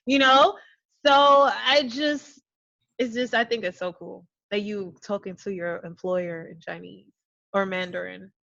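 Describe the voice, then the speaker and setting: A woman hosts a casual interview over a video call. Her voice sits fairly high, and she talks in animated, rambling bursts with frequent laughs. The sound is muffled and lo-fi. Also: slow pace. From New York. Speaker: interview host. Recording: dull lo-fi sound.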